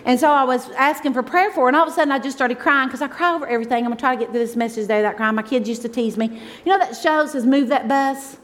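A woman, a pastor's wife preaching a conversational, emotional sermon that swings from loud exclaims to soft asides. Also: sits high, very fast, hardly any pauses.

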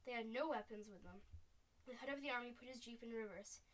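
Woman narrator, higher voice, expressive storybook reading, distant mic. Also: fast talker. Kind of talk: audiobook reading aloud.

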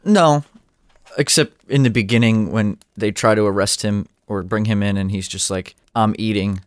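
A man's voice: lowish voice, normal speed, dry recording, clean studio sound. A man co-hosting a podcast brainstorm, making wry remarks. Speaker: podcast co-host. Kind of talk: casual brainstorming chat.

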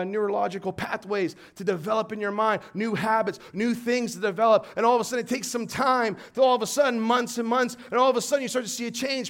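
A man with a high-sitting voice preaches an animated, storytelling sermon, swinging from quiet reading to shouted emphasis.

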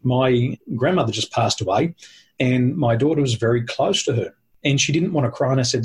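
A man's voice: mid-range voice, moderate pace, slightly rough. A man talking with a host, explaining points in a teacherly, emphatic way and listing them one by one. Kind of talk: conversational explaining.

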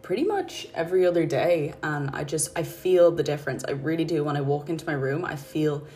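A woman hosting her podcast, talking in a calm, chatty, rambling way into her phone at home. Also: low-pitched, brisk, a little hiss or hum. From Ireland. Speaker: podcast host and mindset coach. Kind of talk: casual spoken podcast chat. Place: her apartment.

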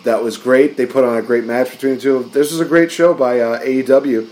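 A man's voice: mid-range voice, steady tone, fast talker, darkish tone. A man co-hosting a podcast, chatting casually through a wrestling recap and acting out quotes in raised voices. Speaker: podcast co-host.

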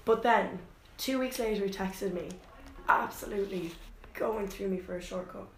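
A woman's voice: medium pitch, moderate pace, distant mic. A young Irish woman telling dating stories in casual chat, acting out what people said. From Ireland. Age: young adult. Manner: animated storytelling, acts out quotes. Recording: echoey room, faint noise.

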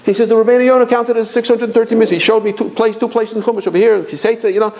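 A middle-aged man giving an informal Torah lecture, animated, often repeating words as he goes. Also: high-pitched, very fast, poor audio. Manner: animated, repeats words, mixes Hebrew and Yiddish terms. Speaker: rabbi giving a Torah class.

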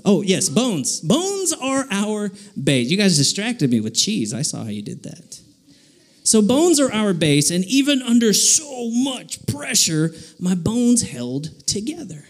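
Animated man telling kids a story. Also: high-pitched, a little slow. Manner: animated, asks the kids questions. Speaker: children's speaker. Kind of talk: children's sermon story.

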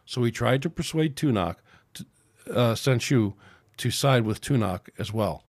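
A man's voice: mid-range voice, a little slow, dry recording, studio quality. Man reading his own story aloud. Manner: steady, plain storytelling with small slips. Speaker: podcast host reading his own book.

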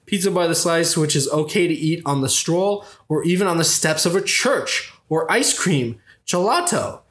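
A man's voice: fairly high pitch, expressive, moderate pace, a bit bright. A young man co-hosting a casual podcast, reading an article aloud in a mock-formal tone and laughing often. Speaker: podcast co-host.

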